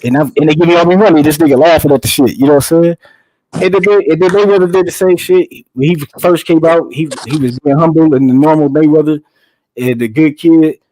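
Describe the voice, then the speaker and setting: A man's voice: fairly high pitch, a little fast, mellow, a little hiss or hum, poor audio. A man in casual chat, talkative and profane, explaining his views at length.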